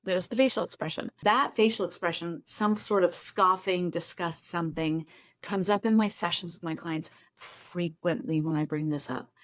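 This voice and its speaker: A woman therapist with a fairly low voice, talking at normal speed, teaches a self-esteem technique to camera from her home office. Her style is conversational, casual teaching with self-deprecating asides, and there's no echo.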